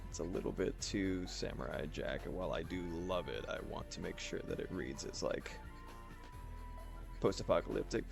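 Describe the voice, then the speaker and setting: A man's voice: sits low, steady tone, moderate pace, vocal fry, long pauses, darkish tone, faint music behind. A man streaming as an artist, chatting casually and rambling while he draws, swearing freely. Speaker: art streamer. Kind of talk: casual livestream chat while drawing.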